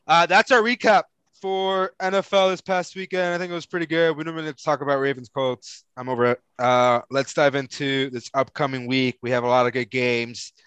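A man's voice: medium pitch, fairly quick, clear, resonant tone, no echo, highs cut off. A young man hosting a casual sports betting podcast, telling stories with plenty of laughter and swearing. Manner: laughing, swears freely, excitable storyteller. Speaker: podcast host.

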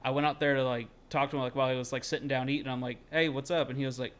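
A young man rambles through a story on a casual podcast. He leans on "like" constantly and swears without a thought. His voice sits at an ordinary middle pitch. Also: steady tone, rapid-fire, clean tone. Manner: rambling, heavy on filler "like", swears freely, shouts when quoting himself. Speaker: podcast co-host.

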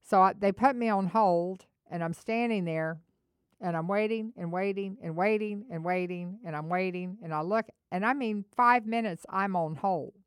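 A middle-aged woman co-hosting a faith-based talk, telling an animated story and acting out both sides of a phone call. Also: mid-range voice, normal speed, clean tone, no echo, clean studio sound. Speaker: co-host.

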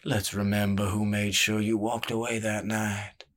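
A man voicing a sly, calculating older male spymaster who talks slowly and smoothly, needling as he goes. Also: fairly low pitch, flat delivery, fairly bright tone. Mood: cool, needling.

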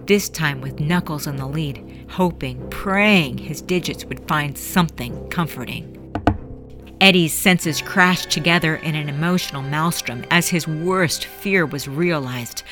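Low-voiced woman narrating a dark tale. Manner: dramatic, expressive. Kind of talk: dramatic audiobook narration. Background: faint background music.

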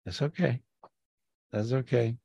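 A man's voice: medium pitch, measured pace, vocal fry, husky, dry recording. Here is an effusive man who keeps repeating himself, hosting a live healing session over a video call. His voice comes through dry and close, with no room around it. He sounds affectionate and eager. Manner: warm, effusive, repeats phrases. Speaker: spiritual healer and show host.

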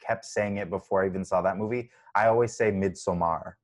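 A man with a fairly low voice co-hosts a podcast. He talks in loose, jokey chat that rambles along with plenty of fillers. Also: fairly even intonation, quick pace. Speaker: podcast co-host. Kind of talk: casual chat.

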